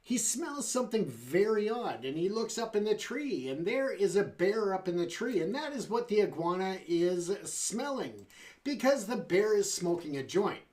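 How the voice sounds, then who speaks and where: A man's voice: high voice, very animated, normal speed, a little mellow. A man hosting a talk show, speaking conversationally with fillers and friendly asides to the audience. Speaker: show host. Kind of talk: casual talk show monologue.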